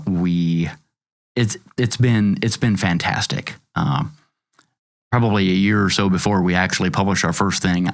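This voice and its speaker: A middle-aged man, a podcast host, talking in a halting, earnest way, often repeating words as he thinks. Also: sits low. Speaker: podcast host and magazine founder. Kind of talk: casual chat.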